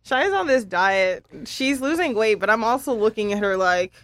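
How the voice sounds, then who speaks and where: Laid-back woman podcaster, slightly high. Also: expressive, moderate pace, fairly bright tone, no room sound. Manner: laid-back storyteller, slangy, laughs often. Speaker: podcast co-host. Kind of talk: casual chat.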